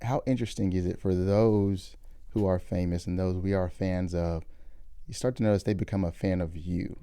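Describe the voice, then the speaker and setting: A man's voice: deep voice, fairly even intonation, normal speed, dark tone, smooth, no room sound, studio quality. A man hosting a casual interview, asking questions and giving frequent encouraging affirmations. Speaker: podcast host.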